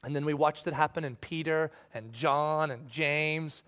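A man preaching a sermon, acting out Bible voices and swinging from loud pleas to hushed, near-whispered lines. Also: on the high side, measured pace. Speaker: pastor.

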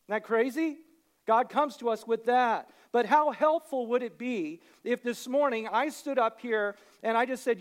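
A man preaching a conversational sermon from a church stage, now and then shouting for emphasis. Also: extremely high pitch, moderate pace. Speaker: pastor.

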